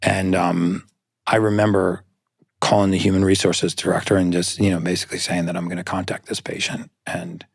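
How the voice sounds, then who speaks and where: A man's voice: deep voice, flat delivery, normal speed, gravelly, slightly rough, no echo, clean studio sound. A man speaking as a guest in a conversational interview, talking earnestly and explaining at length.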